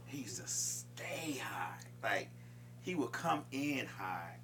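A man's voice: medium pitch, big pitch swings, slow, music in the background. A man co-hosting a casual podcast, laughing often and telling work stories with quoted voices. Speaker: podcast co-host. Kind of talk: casual chat.

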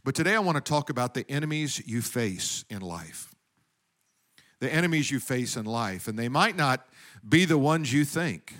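A man's voice: medium pitch, lively intonation, normal speed, a bit bright. A man preaching a sermon in a conversational way, rising with emphasis on key points. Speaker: pastor.

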